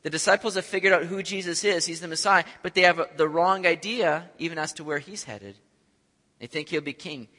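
A man preaching a sermon, animated, acting out scenes and swinging from loud to soft. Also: fairly high pitch, brisk. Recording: echoey hall.

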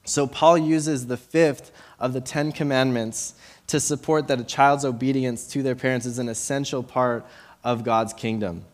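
A young man in his late twenties talks through a Bible passage in a relaxed, chatty way. He fills the gaps with ums and likes and restarts his sentences as he goes. His pitch sits right in the middle for a man. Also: normal speed. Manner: casual, many fillers and restarts. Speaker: Bible teacher. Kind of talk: informal Bible teaching with a personal story.

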